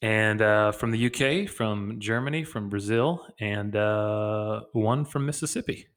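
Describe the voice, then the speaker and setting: A man co-hosts a podcast in easy, upbeat conversation, leaning on plenty of fillers. His voice sits a little low. He is heard over a video call on a podcast mic. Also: unhurried. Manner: chatty, upbeat, many fillers. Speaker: podcast co-host. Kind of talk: casual podcast chat.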